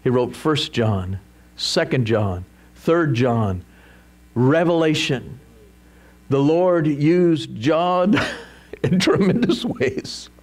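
Emphatic, lively-voiced male preacher. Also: on the high side, extremely slow, long pauses. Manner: emphatic, animated preaching with rhetorical questions. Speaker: pastor. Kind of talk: sermon.

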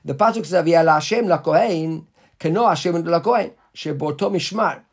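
A man teaching a Talmud class to students in the room, reading the Aramaic text slowly and then explaining it in English, often checking in with questions. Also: on the high side, vocal fry, breathy edge.

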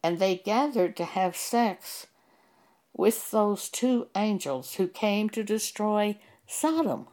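A woman preaching a sermon at an unhurried, drawn-out pace. Her delivery is deliberate and emphatic, stressing each word and stopping to cite chapter and verse. Her voice sits at a middle pitch for a woman. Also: lively intonation, darkish tone. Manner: slow, deliberate and emphatic, citing scripture verses.

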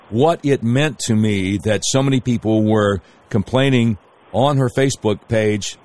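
Low-voiced man telling a long story. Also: a little mellow. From Arkansas. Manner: rambling, storytelling with hesitant fillers. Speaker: guest, candidate for governor. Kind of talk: casual interview talk.

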